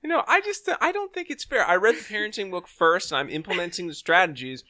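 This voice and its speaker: Joking male behavior analyst, bright voice. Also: high-pitched, fast talker. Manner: joking, lively storyteller. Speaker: podcast co-host, behavior analyst. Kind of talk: casual podcast chat.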